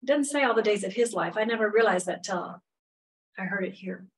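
A woman's voice: mid-range voice, a little fast, a little hiss or hum. A middle-aged woman, teaching a women's Bible study in a chatty, candid way with many asides. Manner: chatty, candid, lots of "you know" asides. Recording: voice a bit far from the mic.

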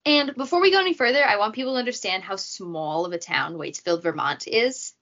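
A woman's voice: mid-range voice, lively intonation, fairly quick, fairly bright tone. A woman hosting a casual true crime podcast, chatty and jokey, with asides. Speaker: podcast host. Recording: dull lo-fi audio.

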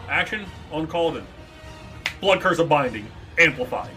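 A man playing a tabletop role-playing game, animated and swearing as he explains his character's thinking. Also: on the high side, normal speed, soft background music. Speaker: player. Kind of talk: casual tabletop play.

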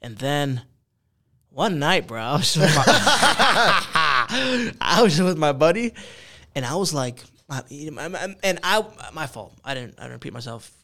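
A man's voice: fairly high pitch, very animated, measured pace, pushed and bright. A man in his twenties in casual chat, telling a story with lots of swearing and slang. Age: 20s.

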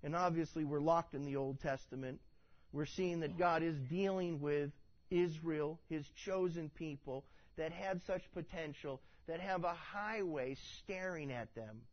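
A man, a pastor, preaching a sermon in a church, animated and acting out voices as he tells the text. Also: fairly high pitch, a little slow. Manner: animated, acts out voices in his quotes. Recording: dull lo-fi sermon recording.

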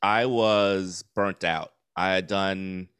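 Guest spot: man in his 40s, low resonant voice, dry close sound, candid and rambling. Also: steady tone, takes it slowly, a bit bright, clean tone, dry recording. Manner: candid, laughs easily, rambling with fillers. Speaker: comedian guest. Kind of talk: casual podcast chat. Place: New York City.

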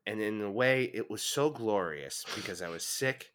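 Brief: young male sports podcast co-host, bright tone, emphatic and profane, getting over a chest cold. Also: fairly low pitch, normal speed. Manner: animated, swearing, emphatic. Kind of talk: casual sports chat.

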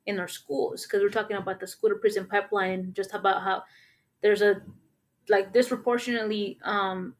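A woman who teaches middle school math, telling a story in casual conversation, with lots of filler words and Spanish words mixed into her English. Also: mid-range voice. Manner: rambling, many fillers, mixes in Spanish words.

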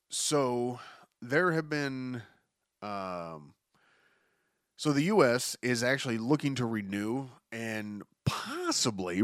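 A male solo podcaster reads news items and rants about them, swearing, exasperated, and often beginning his sentences again. His medium-pitched voice comes through clean studio sound without echo, in a casual news-commentary format.

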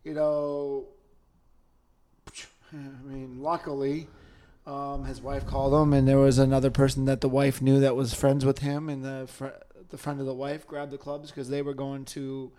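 A man co-hosting a sports podcast in casual chat, loose in manner, swearing now and then and dropping into quiet asides. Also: mid-range voice. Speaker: podcast co-host.

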